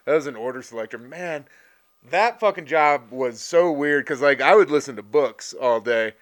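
A man's voice: mid-range voice, expressive, normal speed. A young man in casual, crude chat, laid-back and laughing often.

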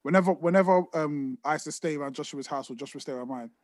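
A man's voice: a little high, fast talker, no room sound, clean studio sound. A man co-hosting a podcast, musing in casual chat that trails off. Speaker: podcast co-host.

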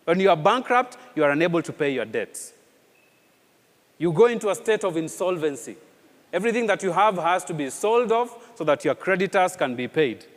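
A man preaching a sermon in an animated way, with rhetorical questions and repeated phrases. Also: high voice, moderate pace, in a large hall. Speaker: pastor.

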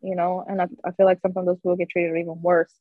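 A woman's voice: lowish voice, completely flat delivery, racing, dry recording, phone-quality sound. A woman, a podcast guest, talking earnestly in casual chat and often saying "you know".

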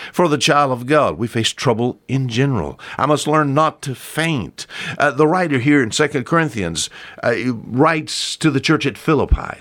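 A man preaching a radio sermon, emphatic, asking rhetorical questions and drawing out key words. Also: medium pitch.

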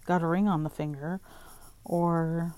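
Woman, lowish dark tone, dry close sound; vents a casual storytime with blunt swearing and constant "like". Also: fairly even intonation, measured pace, no room sound. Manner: profane, exasperated, heavy use of "like". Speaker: vlogger.

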